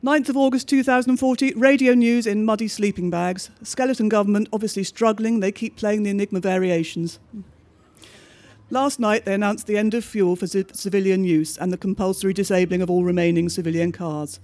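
A man with a notably high voice reads a bleak diary-style story aloud. His delivery is measured and understated, with each entry set down plainly. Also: steady tone, darkish tone. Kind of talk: scripted narration of a diary story.

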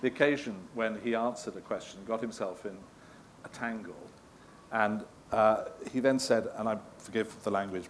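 A rather low-pitched middle-aged man tells stories in loose, rambling fashion, often breaking off with a chuckle. He answers audience questions at a live event, with a faint background hiss. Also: moderate pace. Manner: self-deprecating, chuckling, rambling asides. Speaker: guest interviewer at a live event.

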